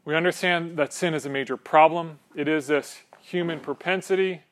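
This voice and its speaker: A man's voice: a little high, steady tone, normal speed, a little hiss or hum. A man preaching a sermon in a church, conversational and joking with the congregation, often checking in with "right?". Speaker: pastor.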